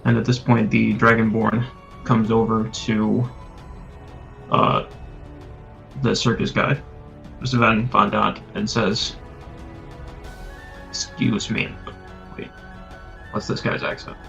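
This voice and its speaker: A man narrating as game master in a relaxed, filler-heavy way, in a lo-fi recording with faint music. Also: fairly low pitch, takes it slowly, vocal fry, long pauses.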